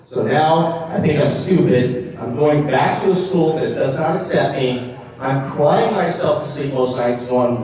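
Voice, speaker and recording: A man's voice: medium pitch, unhurried, darkish tone. Man telling his story in an echoey room. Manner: earnest storytelling, acts out his own past voice. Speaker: guest speaker. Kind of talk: motivational personal story. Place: meeting room. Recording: very echoey room from a distant mic.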